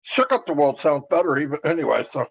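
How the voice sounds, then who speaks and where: A man's voice: fairly high pitch, sing-song, fast, gravelly, slightly rough. A man on a video call, co-hosting an online webinar, greeting viewers by name in easygoing casual chat. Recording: dull lo-fi audio.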